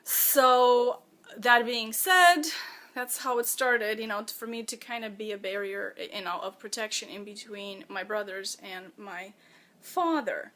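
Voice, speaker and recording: A woman who is the author of her own memoir, speaking in a personal, reflective monologue, halting and emotional as she fights back tears. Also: mid-range voice, steady tone, bright, forceful tone.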